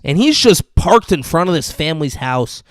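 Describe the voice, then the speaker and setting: A man co-hosting a podcast, casually recapping a TV episode with animated, profane retellings and frequent laughs. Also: on the high side, normal speed, no echo, studio quality. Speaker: podcast co-host.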